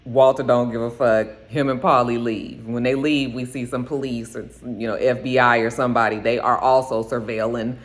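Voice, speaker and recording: A woman giving a casual, chatty recap of a TV episode and often slipping into quick character voices. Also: rumbling low, level tone, slight background noise. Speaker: TV episode reviewer.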